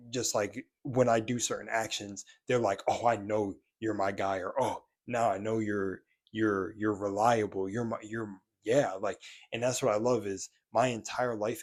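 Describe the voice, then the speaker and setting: A man's voice: lowish voice, a little mellow. A young man with a slight lisp, talking candidly in a casual vlog from a room in his apartment, earnest, with some swearing and many restarts. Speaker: spiritual vlogger.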